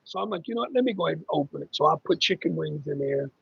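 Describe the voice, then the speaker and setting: A man's voice: a little high, lively intonation, rapid-fire, creaky, breathy edge, no room sound, muffled recording. A middle-aged man hosting a casual livestream about caregiving, rambling and conversational with lots of ums as he reads viewer comments.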